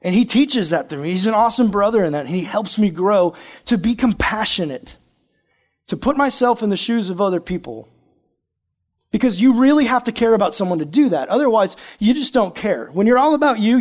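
A young man giving a casual, joking youth sermon, chatty with sudden loud bursts. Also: high-pitched, sing-song, fairly quick. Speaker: youth pastor.

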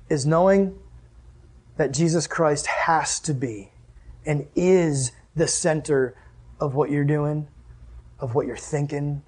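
A young man preaching a sermon as a youth pastor, animated, acting out scenes and asking the audience questions. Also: fairly high pitch, breathy edge. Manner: animated, acts out scenes with sudden exclamations and laughs.

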